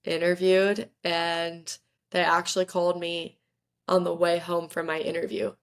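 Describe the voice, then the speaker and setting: A young woman, a podcast guest, telling a story in lively, chatty conversation and often saying "like". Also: lowish voice, unhurried, clear, resonant tone. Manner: lively, chatty, fills talk with "like". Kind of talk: casual storytelling interview.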